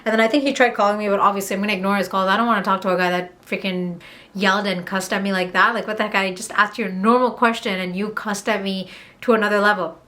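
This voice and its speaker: A young woman from Montreal telling a candid, heated storytime on her vlog, swearing and rushing through asides. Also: mid-range voice, fairly even intonation, fairly bright tone. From Montreal, Canada. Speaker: vlogger.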